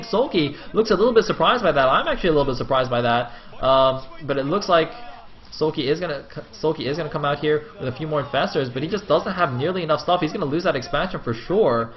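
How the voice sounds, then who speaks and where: A man giving solo play-by-play commentary on a strategy game, chatty and quick, turning loud and excited in big fights. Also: fairly high pitch. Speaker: esports caster. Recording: dull lo-fi recording.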